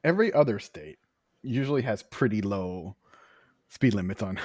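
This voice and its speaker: A man co-hosting a podcast, joking and reacting in relaxed casual chat. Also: lowish voice, moderate pace, husky, no echo, clean studio sound. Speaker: podcast co-host.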